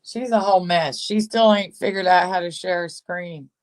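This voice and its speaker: Speaking at a moderate pace in a mid-range voice, this livestream host reads chat and offers casual gossip commentary on online personalities. The tone is sarcastic and relaxed, with frequent laughter and greetings to commenters.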